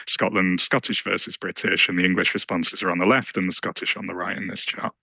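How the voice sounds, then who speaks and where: A man walks an audience through research charts in a measured, explanatory way. His low voice has a gravelly edge and a bright, pointed tone. The recording is close and dry, with no room sound. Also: no room sound, rough recording. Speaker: lecturer presenting survey research. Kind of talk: academic slide presentation.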